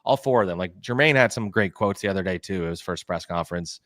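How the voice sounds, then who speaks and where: A man's voice: deep voice, quick pace, fairly bright tone, no echo, clean studio sound. A man co-hosting a sports podcast, a reporter talking casually and rambling with lots of "like" and restarts. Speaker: beat reporter and podcast co-host.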